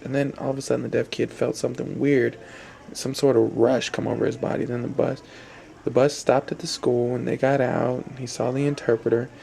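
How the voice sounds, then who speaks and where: A man's voice: medium pitch, flat delivery, fairly quick, gravelly, dark tone, slight background noise. A young adult man telling a long story in a rambling, repetitive way, with fillers and restarts. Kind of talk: spoken storytelling.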